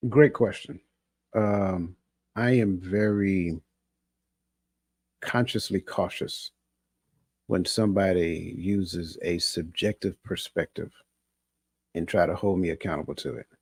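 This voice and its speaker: Male coach with a slightly husky voice and a dry close sound. Measured, emphatic delivery. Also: sits low, steady tone, a little mellow, dry recording. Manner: measured, emphatic, repeats himself. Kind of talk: casual discussion.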